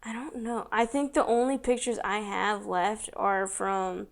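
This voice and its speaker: A woman's voice: medium pitch, level tone, measured pace, creaky. A young woman co-hosting a podcast, chatting casually with wry, laid-back remarks. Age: young adult. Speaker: podcast co-host. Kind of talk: casual chat.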